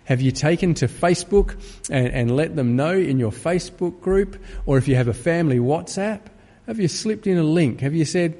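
A man's voice: fairly high pitch, animated, moderate pace, mellow. Man preaching in an echoing empty church. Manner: rising to fervent, pleading peaks. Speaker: pastor. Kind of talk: sermon. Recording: long reverb of an empty church.

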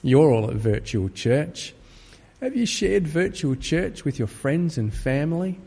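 A pastor preaching a sermon to an empty church, rising to fervent, pleading peaks. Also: male voice, a little high, sing-song, unhurried, vocal fry, mellow, breathy edge. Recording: long reverb of an empty church.

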